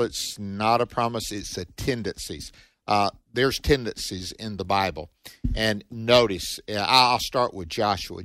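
A man with a Southern accent, a preacher co-hosting a radio ministry show, talking in a steady, sermon-like way. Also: lowish voice, no room sound.

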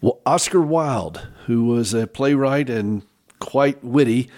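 Slow, reflective man giving a devotional talk. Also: mid-range voice. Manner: reflective, with expressive pauses and emphasis; asks the listener direct questions.

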